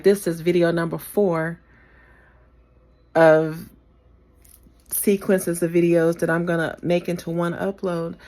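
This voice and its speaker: Lady vlogger musing into her phone, low gravelly voice, loose chatty rant. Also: darkish tone. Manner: reflective, talks to herself, laughs often. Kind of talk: casual rant to camera. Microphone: phone camera.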